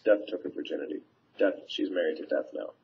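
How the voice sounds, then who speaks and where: Deep and gravelly, this teacher's voice moves fairly quickly as he casually recaps a scene from a play for his students. He paraphrases lines, using fillers, over a dull lo-fi webcam microphone.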